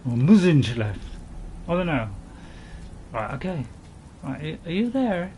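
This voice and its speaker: A man's voice: on the high side, sing-song, a little slow, darkish tone, a little hiss or hum, poor audio. A man giving casual gameplay commentary, rambling and correcting himself with chuckling asides. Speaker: gaming channel host.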